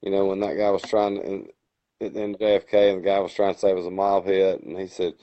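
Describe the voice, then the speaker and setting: A man with a Boston accent, co-hosting a podcast, telling movie scenes in a casual, animated way. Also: sits low, brisk. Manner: animated storyteller acting out quotes. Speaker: podcast co-host. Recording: dull lo-fi sound.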